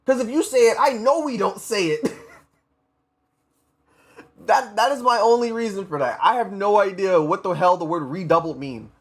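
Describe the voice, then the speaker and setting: A man's voice: high voice, normal speed, pauses often. An American man reading a story aloud on a livestream, stumbling over words and breaking off to comment on them. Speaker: streamer.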